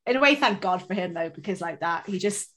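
A woman's voice: on the low side, animated, quick pace, fairly bright tone. A woman, co-hosting a casual chat and telling rambling, self-mocking stories with plenty of swearing. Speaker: podcast co-host.

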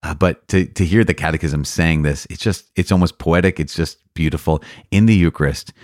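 A man's voice: low-pitched, brisk, a little mellow, no room sound, clean studio sound. A man, a priest hosting a podcast, giving earnest and enthusiastic commentary on the catechism, with frequent restarts and repeated words.

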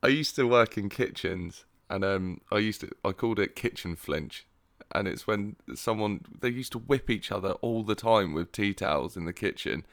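A man co-hosting a comedy podcast, telling animated anecdotes and laughing often. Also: fairly low pitch, normal speed, gravelly, a little hiss or hum. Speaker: podcast co-host. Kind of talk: casual comedic chat.

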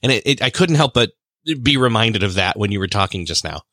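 Bright, low-voiced enthusiastic male host. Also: animated, brisk, no echo. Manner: enthusiastic, rambling with restarts. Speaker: podcast host. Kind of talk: casual conversation.

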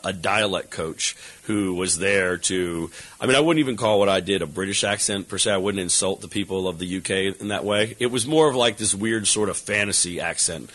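Man, low voice, relaxed and rambling, interview guest who talks around his points. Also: poor audio. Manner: relaxed, rambling, heavy with fillers like "you know". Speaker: actor and co-writer being interviewed. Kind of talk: casual interview answers.

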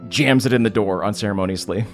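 A man's voice: fairly low pitch, fast, soft background music. A man playing a tabletop game, describing his character's moves in a jokey way. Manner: jokey, animated. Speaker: player. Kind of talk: casual tabletop play.

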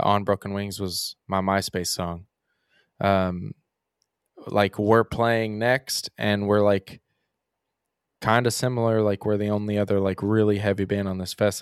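A young man talks casually as a podcast guest, his low voice smooth and resonant. He rambles through his stories, leaning on "like" and "um" as he goes. The sound is close and dry, with no room around it. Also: no echo. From Kentucky. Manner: rambling, frequent "like" and "um" fillers. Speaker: musician guest.

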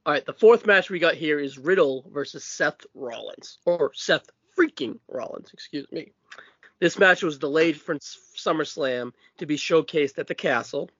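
A man with a Massachusetts accent hosting a podcast, his voice riding high for a guy. He talks brash and a little profane, tossing in quick asides. The sound is dull and lo-fi, close and dry. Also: lively intonation, fairly bright tone, dry recording. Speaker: podcast host. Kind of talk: casual wrestling podcast chat.

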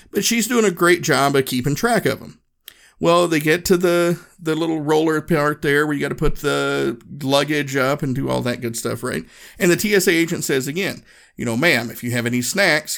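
A man hosting a podcast, telling a story in a relaxed, conversational, reflective way. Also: medium pitch, vocal fry. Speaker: podcast host.

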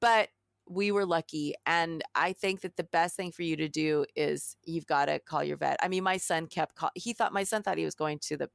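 A middle-aged woman co-hosting a podcast, chatting casually and telling an animated story while acting out the quotes. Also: low voice, normal speed, creaky, no echo, clean studio sound. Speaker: podcast co-host. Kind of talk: casual chat.

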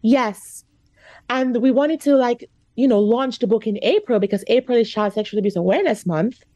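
Woman guest author, choked-up chatty storyteller, highish mellow tone, dry close sound. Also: animated, moderate pace, no echo. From America. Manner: chatty, lots of "like" and "you know", gets choked up. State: emotional. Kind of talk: emotional interview storytelling.

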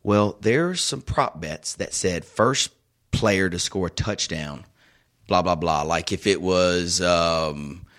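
A man hosting a casual sports betting chat, telling stories with excitable, animated bursts. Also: sits low, slow. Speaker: sports betting show host.

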